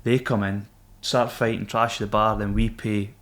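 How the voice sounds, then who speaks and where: A man's voice: on the low side, normal speed. A Scottish man, a former Royal Marine, telling stories on a podcast in casual, swearing chat that he breaks with laughs. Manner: swearing, animated, laughs mid-story. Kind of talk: casual storytelling.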